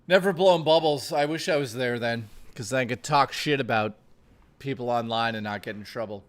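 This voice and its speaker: Male streamer, mid-pitched, casual and profane, bantering with his chat. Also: normal speed. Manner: profane, joking, reading chat aloud. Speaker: streamer host.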